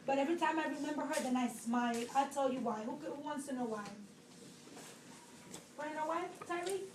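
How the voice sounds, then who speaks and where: A woman's voice: sits high, brisk, roomy sound, far from the mic, noisy background. A woman teacher crying as she talks to her class, pleading and scolding the children in turn. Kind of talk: emotional classroom farewell speech.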